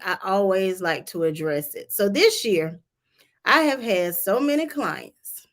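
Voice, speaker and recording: A woman with a Georgia Southern accent, a tax specialist teaching a live-streamed tutorial, talking slowly and deliberately in a chatty, direct way. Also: mid-range voice.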